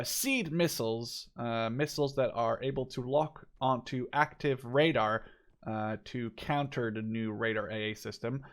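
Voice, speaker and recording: Chatty young man giving game commentary. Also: on the high side. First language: not English. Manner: chatty and enthusiastic, with frequent fillers and self-corrections. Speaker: gameplay video creator. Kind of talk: casual game walkthrough commentary.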